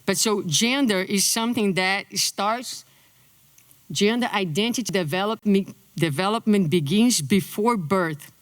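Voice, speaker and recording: A middle-aged woman from Brazil, a native Portuguese speaker with a Brazilian accent, giving a conference lecture in an animated way. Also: mid-range voice, a little slow, no echo. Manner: animated, acts out quotes in a lifted voice.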